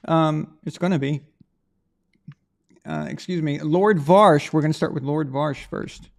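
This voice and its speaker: A man with a fairly high, gravelly voice, hosting a live stream. He rambles in a loose, chatty way and talks straight to the people watching as he runs a draw. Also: unhurried. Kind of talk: casual live stream chat, running a prize draw.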